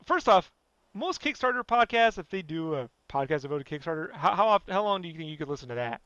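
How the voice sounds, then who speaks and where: A man with a high, bright voice rants bluntly on his own podcast, swearing freely and circling back with "you know" again and again. The sound is dry and dull, like a lo-fi home recording. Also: very animated, fast talker, no room sound. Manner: blunt, profane, rambling, fillers like "you know". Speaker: podcast host. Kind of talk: casual podcast rant.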